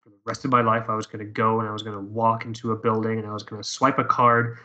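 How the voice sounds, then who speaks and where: A man's voice: fairly low pitch, little pitch movement, quick pace, sharp tone. A man telling a personal story in casual conversation, profane and rambling with many restarts.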